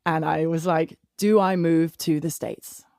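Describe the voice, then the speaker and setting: Chatty southern English woman, lowish voice. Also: measured pace, vocal fry, dry recording, studio quality. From England. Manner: chatty, laughs often, animated storytelling. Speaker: guest songwriter. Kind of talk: casual interview chat.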